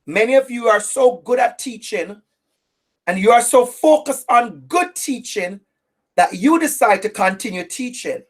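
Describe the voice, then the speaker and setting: A woman's voice: fairly high pitch, animated, a little slow. Emphatic woman giving an impassioned talk. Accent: non-native English accent. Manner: emphatic, direct, repeats phrases for stress. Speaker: anti-racism educator giving a webinar talk.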